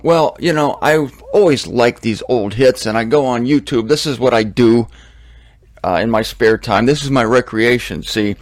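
A man's voice: mid-range voice, normal speed, faint music behind. An older man giving a casual, chatty Bible lesson with jokey asides and digressions. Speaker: Bible teacher.

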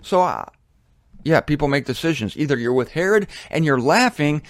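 A man's voice: fairly high pitch, very animated, normal speed, no echo, clean studio sound. A man preaching a sermon on headphones in a blunt, indignant, emphatic way. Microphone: headphones on, close mic.

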